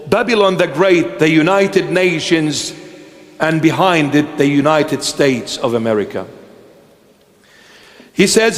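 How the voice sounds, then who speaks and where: High-voiced man preaching in echoey hall. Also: takes it slowly, pauses often. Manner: emphatic, repetitive rhetorical questions. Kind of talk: sermon.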